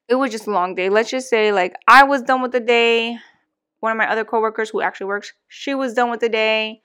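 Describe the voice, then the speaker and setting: A woman's voice: fairly high pitch, a bit bright. A young woman co-hosting a podcast, venting bluntly in casual chat and swearing freely. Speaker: podcast co-host.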